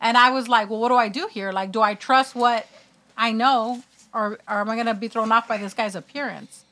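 A woman's voice: fairly high pitch, steady tone, a little fast, fairly bright tone. A woman who does spiritual readings, talking candidly and profanely in casual chat and laughing through her stories. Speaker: spiritual reader.

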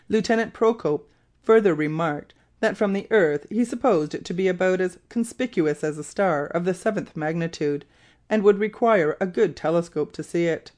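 A narrator reading a classic novel aloud in an even, measured way. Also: medium pitch. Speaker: audiobook narrator.

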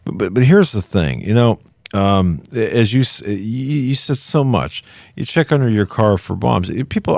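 A man hosting a broadcast talk show, emphatic and halting with many fillers. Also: on the low side, big pitch swings, vocal fry, a little mellow, no echo, clean studio sound. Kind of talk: broadcast interview chat.

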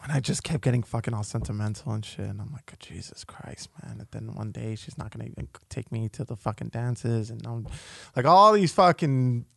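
A man's voice: medium pitch, fairly quick, gravelly, dry recording, studio quality. A man hosting a comedy podcast, telling a story with lots of swearing and emotion. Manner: profane, animated, emotional storyteller. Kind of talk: casual storytelling chat.

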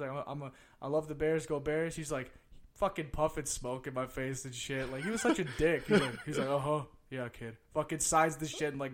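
A young man from the Chicago area hosting a casual chat, telling stories with heavy swearing that gets loud and laughing as they build. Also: mid-range voice.

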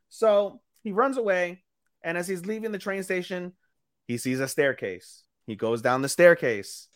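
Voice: medium pitch, measured pace. Profane, rambling podcast storyteller. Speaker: podcast co-host. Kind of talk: casual chat recapping an anime.

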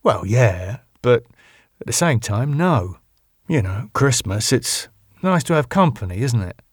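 A man reading an audiobook, voicing a relaxed, chatty Englishman in his own voice. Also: mid-range voice, unhurried, slightly rough, dry recording, studio quality. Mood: coaxing. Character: easygoing warm English man.

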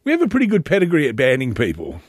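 A man's voice: medium pitch, wildly swooping pitch, very fast, slightly rough, dry recording, clean studio sound. An Australian man hosting a casual solo monologue, chatty and rambling, often breaking off to restart his sentences. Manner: rambling and chatty, with many self-interruptions and restarts.

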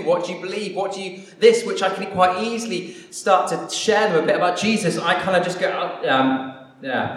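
A man preaching to a church congregation, self-deprecating and rambling, then leading prayer. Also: high-pitched. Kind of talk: sermon and closing prayer. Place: church hall. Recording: echoey hall, distant mic.

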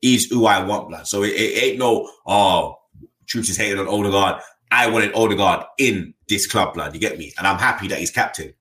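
A man's voice: lowish voice, brisk, hardly any pauses, bright, forceful tone, echoey room. A man, a football fan channel host talking bluntly in casual chat, full of slang and tag questions. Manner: blunt, slangy, keeps adding "you get me".

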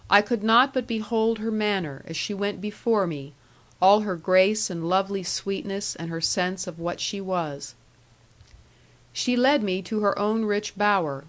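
A woman reads an old novel aloud in the first person, steady and earnest. Her voice sits at a middle pitch for a woman, neither high nor low. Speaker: audiobook reader.

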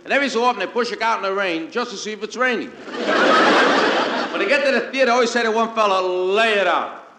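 A male stand-up comedian telling a comic story in a brisk, anecdotal way and acting out the people in it. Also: sits high, background noise. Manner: brisk anecdotal delivery acting out quoted characters. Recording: roomy 1951 radio broadcast with music.

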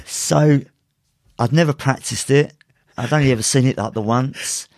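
A man's voice: medium pitch, normal speed, darkish tone. A man, a martial arts instructor and podcast guest, telling a story casually with many restarts and frequent laughter. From United Kingdom.

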